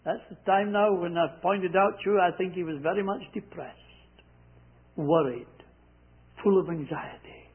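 A man preaching a sermon, repeating scripture lines slowly and with emphasis. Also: sits high, breathy edge. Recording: tinny phone-like sound.

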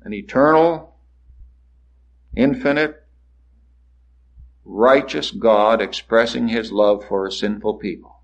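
Man preaching a sermon, big rises then quiet drops, kinda lo-fi sound. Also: on the low side, slow, pauses often. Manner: dramatic rises and hushed drops, acts out quoted voices.

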